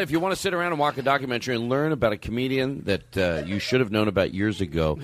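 A man's voice: medium pitch, fast talker, hardly any pauses. A man hosting a comedy podcast, rambling and swearing in casual banter. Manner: profane, rambling, animated. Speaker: podcast host.

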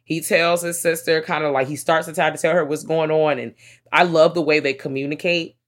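A woman's voice: deep voice, a little fast. Chatty woman retelling a film. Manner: chatty, profane, animated retelling. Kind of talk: casual film discussion.

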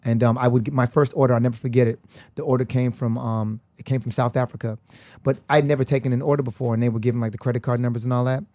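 A young man on a podcast, telling animated stories in casual chat and acting out the voices of people in them. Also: mid-range voice, racing. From United States. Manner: animated storyteller who acts out voices. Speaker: podcast guest.

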